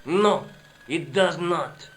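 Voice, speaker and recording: An actor playing a stern, haughty hospital doctor with a French accent who answers in curt, formal phrases. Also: male voice, a little high, extremely slow, slight background noise. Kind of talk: video game voice acting.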